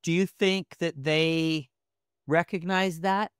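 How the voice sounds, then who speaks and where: A man hosting a podcast, asking thoughtful questions in a halting way. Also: a little high, fairly even intonation, fairly bright tone, clean tone, dry recording, studio quality. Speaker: podcast host. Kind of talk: interview questions.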